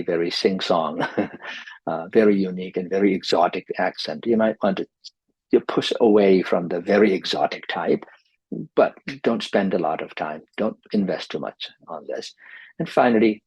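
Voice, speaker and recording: A man with a deep voice full of gravelly fry and a husky edge teaches in a dry, close recording. He presses his points home and comes back to his key advice more than once. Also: darkish tone, no echo, muffled recording. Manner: emphatic, repeats key advice. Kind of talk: instructional video lesson.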